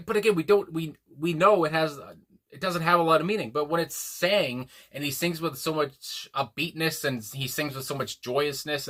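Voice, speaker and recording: Rambling, bright-voiced man reacting to a song. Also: medium pitch. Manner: rambling, many fillers and restarts, laughs to himself; swears casually. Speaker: music reaction host. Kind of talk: casual music reaction talk.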